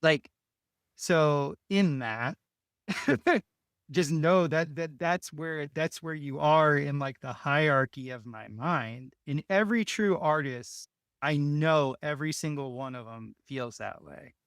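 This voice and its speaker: A man's voice: on the high side, slow, a bit bright, clear, resonant tone, no room sound, clean studio sound. A man, a builder guest in an interview, telling a story casually with many restarts and short laughs. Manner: rambling, restarts often, laughs between phrases.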